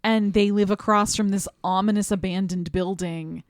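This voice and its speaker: A woman's voice: normal speed, dry recording, clean studio sound. Chatty woman co-hosting a film podcast. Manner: animated, laughs often, acts out characters in a high voice. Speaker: podcast co-host. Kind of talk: casual film discussion.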